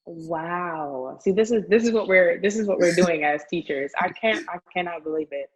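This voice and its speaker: A woman teacher talking casually on a podcast, telling animated stories full of "like" and laughter. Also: lowish voice, moderate pace, breathy edge, muffled recording. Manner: animated storytelling, frequent "like", laughs often. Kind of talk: casual conversation.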